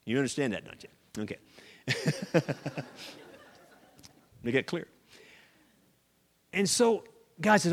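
A male pastor preaching a sermon, animated storytelling with acted-out voices and sudden shouts. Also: on the high side, takes it slowly, long pauses, in a large hall.

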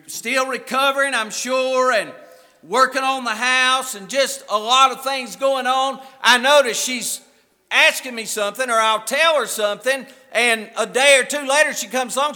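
A man preaching a sermon as a pastor, telling a story and swinging between soft asides and emphatic points. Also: very high voice, moderate pace. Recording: echoey hall from far off.

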